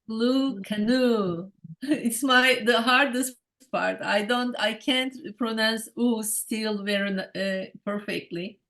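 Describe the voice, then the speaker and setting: A woman practices pronunciation on a video call at a very slow pace. She hesitates and repeats each word with care. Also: fairly high pitch, a bit bright. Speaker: student.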